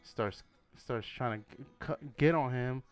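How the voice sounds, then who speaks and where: Faint music sits behind this young man as he co-hosts a podcast, his medium-pitched voice smooth and a little slow. In casual conversation he spins a crude, profane tale, animated, doing voices and laughing a lot.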